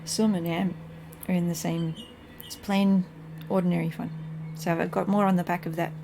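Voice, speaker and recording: Middle-aged woman, warm dark tone, talks her way through a Latin reading with a home teacher's easy chuckle. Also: fairly low pitch, little pitch movement, moderate pace, gravelly, a little hiss or hum. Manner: thinks aloud, chuckles at own slips. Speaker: channel host reading Latin scripture. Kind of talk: casual home lesson, reading Latin and translating.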